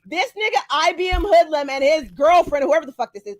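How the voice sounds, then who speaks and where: High-voiced woman ranting angrily. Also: brisk. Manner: angry, confrontational, repeats questions. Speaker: streamer in an online dispute. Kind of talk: heated livestream rant.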